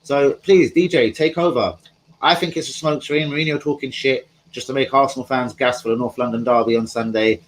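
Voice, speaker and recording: A man's voice: mid-range voice, fairly even intonation, a little fast, a little hiss or hum, poor audio. A man hosting a live stream from home, chatting casually in a rambling, slangy way and talking to his viewers. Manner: rambling, slangy, talks to chat.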